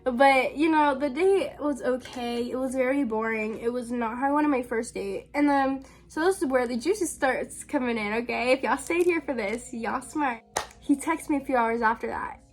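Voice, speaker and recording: A woman's voice: high-pitched, normal speed, soft background music. A young woman telling a story to her viewers in a casual, chatty way, with lots of "like" and "um". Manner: chatty, full of "like" and "um", laughs often.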